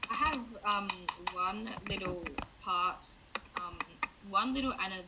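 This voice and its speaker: A woman guest on a casual podcast chat over a video call, halting and searching for words. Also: medium pitch. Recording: noisy video call audio.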